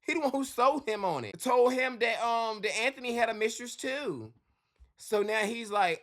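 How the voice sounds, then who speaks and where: A man hosting a reaction video, commenting in a casual, colloquial way with animated asides. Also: very high-pitched, moderate pace.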